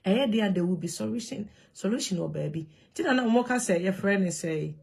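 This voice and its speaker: A woman with a Ghanaian accent speaks straight to her viewers, moving between Twi and English. Her voice is gravelly and a little husky, and her delivery is animated and emphatic. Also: mid-range voice, a little fast. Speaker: vlogger. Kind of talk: casual monologue to camera.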